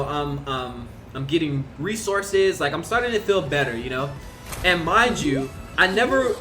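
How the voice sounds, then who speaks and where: A young man with a high voice tells a personal story in a loose, rambling way. He fills his talk with fillers and swearing, and faint music plays behind him. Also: a bit bright. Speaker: vlogger. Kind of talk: casual storytelling.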